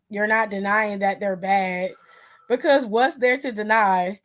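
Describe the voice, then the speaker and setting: A woman's voice: medium pitch, a little slow. A young woman hosting a casual wrestling aftershow stream, sassy and chatty, talking back to her chat and calling viewers pet names.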